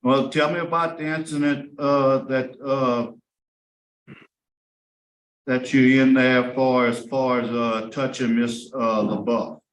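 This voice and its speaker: A man's voice: medium pitch, steady tone, slow. Plain-spoken man questioning in a roomy hall. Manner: plain-spoken, probing, many fillers. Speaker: parole board member. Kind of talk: interviewing at a hearing. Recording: roomy hearing room with faint noise.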